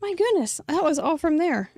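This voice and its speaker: A woman's voice: very high-pitched, big pitch swings, normal speed, darkish tone, no room sound, clean studio sound. A woman hosting a card-making show, chatting to viewers in a chatty, effusive way and laughing often. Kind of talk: casual chat to viewers.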